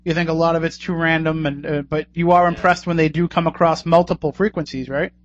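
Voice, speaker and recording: A man's voice: fairly high pitch, steady tone, brisk. A man hosting a radio talk show in a casual, joking, conversational way. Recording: dull lo-fi radio recording.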